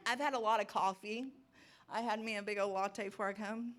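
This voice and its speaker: A woman's voice: mid-range voice, steady tone, brisk. A middle-aged woman giving an informal, rambling testimony talk at a recovery ministry, nervous and laughing often.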